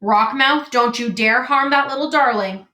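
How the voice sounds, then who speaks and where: A woman's voice: a little high, animated, brisk, fairly bright tone, reverberant, pitched above the performer's own voice. A woman voicing a protective old female goose in a storybook reading. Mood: fierce.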